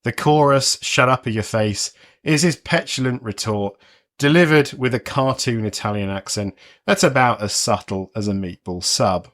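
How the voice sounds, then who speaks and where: A man's voice: mid-range voice, moderate pace, a bit bright. A man in his forties hosting a music podcast, reading a scripted narration with wry, sardonic asides. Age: 40s. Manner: wry, conversational commentary with a sardonic edge.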